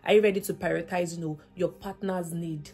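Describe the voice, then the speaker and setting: A woman's voice: lowish voice, fairly even intonation, a little fast, a little mellow, soft background music. A woman vlogger giving faith-based relationship advice, earnest and emphatic, repeating her points as rhetorical questions.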